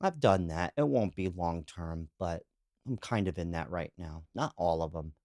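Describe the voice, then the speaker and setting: A man hosting a podcast alone, talking in a rambling, candid way with plenty of "you know" and "like" fillers. His voice sits on the lower side. The sound is close and dry, with no room echo. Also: lively intonation, normal speed, a little mellow. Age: adult, calls himself too old. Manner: laughs while telling anecdotes. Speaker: podcast host. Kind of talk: casual solo monologue, reacting to read-out comments.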